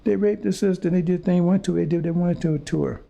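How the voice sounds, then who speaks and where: A man's voice: sits high, steady tone, quick pace, vocal fry, warm tone. A man delivering an impassioned, confrontational monologue to his audience, repeating phrases and stumbling over words as he searches for them. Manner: fiery, confrontational, repetitive phrasing; stammers and restarts when searching for words. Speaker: preacher speaking to his audience.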